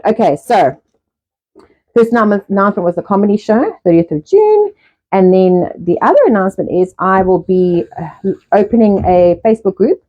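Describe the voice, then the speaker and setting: A middle-aged woman hosting a casual live stream, talking fast in a rambling way and swearing often. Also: medium pitch, dark tone. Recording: dull lo-fi live-stream audio.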